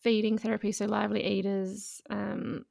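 A woman's voice: mid-range voice, flat delivery, normal speed, creaky, a little mellow, no echo, studio quality. A woman, co-hosting a podcast and chatting casually about family life, laughing often and saying "like" a lot. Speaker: podcast co-host, parent. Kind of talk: casual chat.

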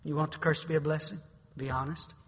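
A middle-aged pastor preaching a sermon, building to sudden shouted climaxes. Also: male voice, fairly high pitch, fairly even intonation, fast, breathy edge. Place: church sanctuary. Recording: reverberant church sanctuary.

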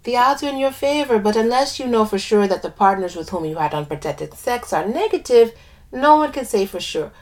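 A woman's voice: a little high, animated, fairly quick, pitched above the performer's own voice, lightly acted. A woman voicing a shrewd older female nurse with a lilting West Indian accent, asking clipped clinical questions in a story reading. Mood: brisk clinical. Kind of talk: audio drama reading.

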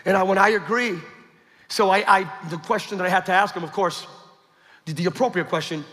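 A man preaching a sermon, telling a story with acted-out quotes and building to shouts. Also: high-pitched, fairly quick. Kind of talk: sermon testimony. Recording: echoey hall with long reverb.

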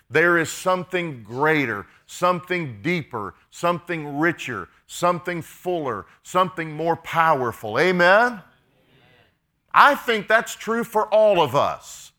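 A man preaching a sermon, telling stories with excitement and calling for amens. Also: on the high side. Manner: storytelling, excited, with quoted exchanges and call-outs of amen.

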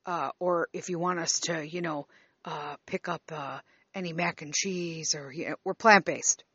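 A woman doing a hesitant older dad who stammers and never gets to the end of a sentence, his voice a touch lower and quieter than her own. The recording is dull and lo-fi, close and dry. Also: fairly even intonation, slightly rough, dry recording, heavily acted. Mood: fumbling. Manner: halting, stammering, trailing off.

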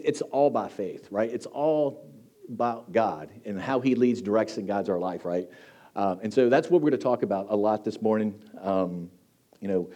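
Casual church preacher, man, mellow warm tone, chatty and joking. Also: medium pitch. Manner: conversational, joking, frequent fillers and restarts. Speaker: teaching team preacher. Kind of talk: casual sermon. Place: church hall with congregation.

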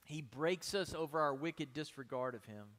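Male pastor preaching, pretty high voice, lots of rhetorical questions, goes quiet then loud, long church echo. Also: normal speed. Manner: emphatic preaching, many rhetorical questions, shifts between soft and loud. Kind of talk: sermon.

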